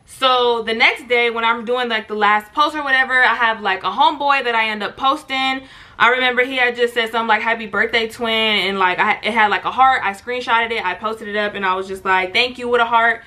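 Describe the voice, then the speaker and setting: A young woman vlogger telling a storytime in an animated, slangy way, talking straight to her viewers. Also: on the high side, a little fast. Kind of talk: storytime vlog.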